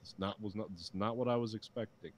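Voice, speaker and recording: Low-voiced man ranting casually. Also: fast, darkish tone. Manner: ranting, profane, mocking quotes. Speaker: podcast co-host. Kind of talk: casual chat.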